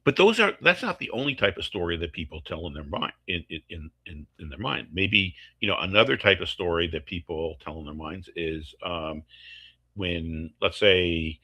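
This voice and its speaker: Husky low-voiced man explaining techniques. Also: expressive, normal speed, sharp tone. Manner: explains step by step through worked examples. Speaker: course instructor.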